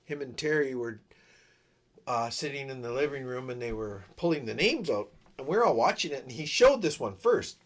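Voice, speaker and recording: A singer-songwriter hosts a casual live stream, rambling, poking fun at himself, and often losing his train of thought. His mid-range voice is animated, and he speaks at a moderate pace.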